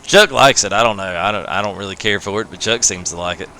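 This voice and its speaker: A man with a lowish voice talks fast, pushed and bright, with a little hiss or hum in the background. He's a gaming livestreamer doing casual commentary on a farming game late at night, chatting with viewers. He keeps it laid-back, laughs often, and tacks "man" onto lots of phrases.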